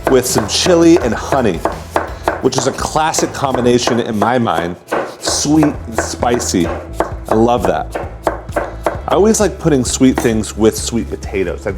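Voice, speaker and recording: Male cooking host, lively pitch, chatty and upbeat over clear background music. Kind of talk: casual cooking demonstration.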